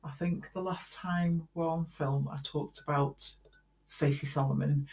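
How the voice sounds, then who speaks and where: A woman's voice: sits low, steady tone, unhurried, darkish tone. A middle-aged woman chatting casually as a podcast co-host, rambling with frequent laughter. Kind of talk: casual chat.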